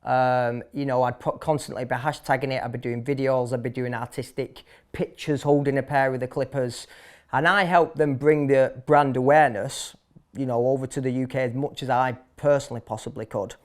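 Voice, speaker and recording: A man's voice: medium pitch, steady tone, normal speed. A man in his thirties with a Manchester accent, a barber telling his story in a casual interview, blunt and chatty with many fillers and restarts. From Manchester, England. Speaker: barber and shop owner, interview guest.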